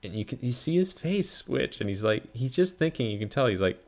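A man's voice: medium pitch, big pitch swings, brisk. A man hosting a podcast, giving a casual, rambling film review full of "like" and frequent swearing. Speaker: podcast host.

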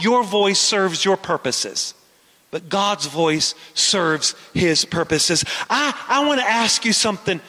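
A man's voice: sits high, sharp tone, long reverb tail. A man preaching a sermon as pastor, asking the congregation questions and waiting on their answers. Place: church.

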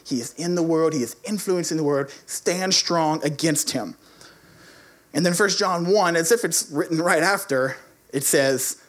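A man with a high voice preaches in a relaxed, chatty way, moving from scripture into a personal story. He talks with animated, conversational energy, full of asides. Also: normal speed.

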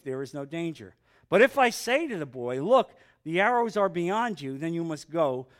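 A man in middle age leads a Bible study group, reading scripture aloud in a slightly high voice. Between verses he drops into casual, joking commentary for the group. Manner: reads aloud then breaks off with casual asides and humor.

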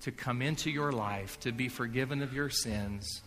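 A man preaching a sermon in earnest, sometimes dropping to a hushed near-whisper. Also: mid-range voice, normal speed, few pauses, music in the background. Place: large hall or chapel. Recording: long hall reverb.

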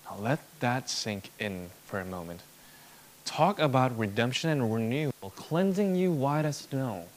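A man's voice: medium pitch, lively intonation, a little slow, slight background noise. A man preaching an expository sermon, emphatic, building points through rhetorical repetition.

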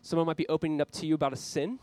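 Male pastor, earnest preacher, slightly high voice, dry close sound. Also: fairly even intonation, rapid-fire, a little mellow, no echo, low-quality recording. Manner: earnest, urging the listeners directly. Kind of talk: sermon. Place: church, speaking to a camera for online viewers.

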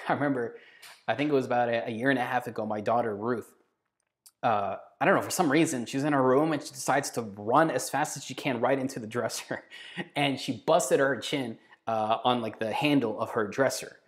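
A man preaching a sermon in an earnest, emphatic way, slowing down and dropping to a hush on key phrases. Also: mid-range voice.

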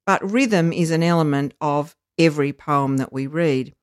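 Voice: mid-range voice, clean tone, no room sound. Teacherly educator, dry sound. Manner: measured, teacherly, frequent ums and uhs. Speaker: literacy educator. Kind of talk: explanatory podcast chat.

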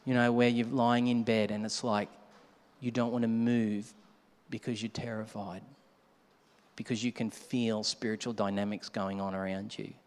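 Animated preacher in a reverberant hall. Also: male voice, fairly low pitch, normal speed. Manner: animated, shouts to act out a scare, drops to a hush for the night scene. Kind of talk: sermon.

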